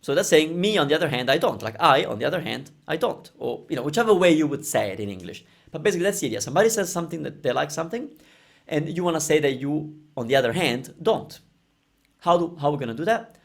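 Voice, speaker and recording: Animated male teacher, gravelly. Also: fairly high pitch. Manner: animated, repeats phrases slowly, frequent "okay?". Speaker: language teacher. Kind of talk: explaining lesson over slides.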